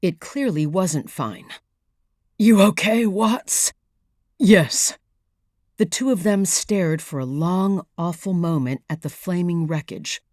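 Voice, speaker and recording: A woman reads a thriller audiobook in a low, deliberate voice, taking her time over each line. Her measured, even storytelling is close-miked and dry, with no room around it. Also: dry recording. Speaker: audiobook narrator. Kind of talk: scripted narration.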